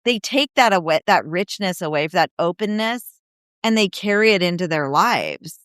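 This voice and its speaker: A woman guest in a casual podcast chat, telling stories with animation and slipping into the voices of people she quotes. She uses lots of "you know, like" fillers. Her voice is smooth and clear, and the recording is dry and close. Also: lowish voice, expressive, moderate pace, a bit bright, no room sound. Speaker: guest, disability advocate and speaker.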